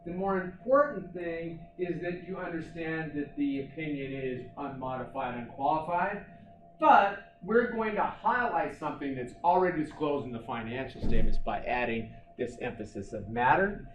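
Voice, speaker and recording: A man lecturing on accounting to a class. He is animated and asks the class questions, then answers them himself. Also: on the high side, normal speed, lo-fi sound, noisy background. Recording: echoey classroom, mic far off.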